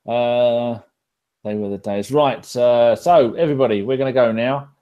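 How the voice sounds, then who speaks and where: A man from England hosts a loose live podcast, reading out viewer comments and reacting to them. His talk is full of swearing and blunt banter, and his pitch sits in the middle. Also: moderate pace, dark tone. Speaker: podcast host. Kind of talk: casual live podcast chat.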